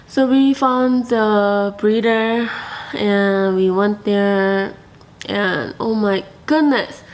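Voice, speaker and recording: A woman vlogger telling a personal story to the camera in a chatty, animated way, full of fillers and quoted asides. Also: mid-range voice, a little slow.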